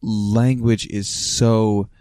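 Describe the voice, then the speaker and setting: A man musing out loud on a casual podcast chat over drinks, thoughtful and rambling, dropping the odd swear. His voice sits a little low and sounds dry and close. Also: flat delivery, extremely slow, dry recording. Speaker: podcast co-host.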